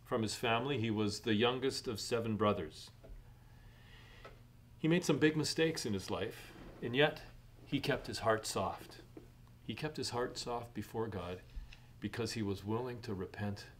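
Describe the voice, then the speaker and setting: Measured man preaching a sermon. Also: on the low side, slight background noise. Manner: measured preaching, rising emphasis on key points. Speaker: pastor.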